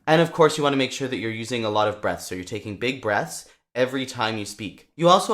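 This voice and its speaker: A man's voice: mid-range voice, quick pace, hardly any pauses. Upbeat young male vocal coach. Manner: lively, demonstrates voice sounds. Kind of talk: singing lesson to camera.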